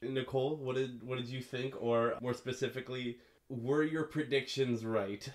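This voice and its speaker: A young man hosting a casual podcast chat, relaxed and rambling, with lots of fillers. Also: mid-range voice, normal speed. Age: young adult. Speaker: podcast host.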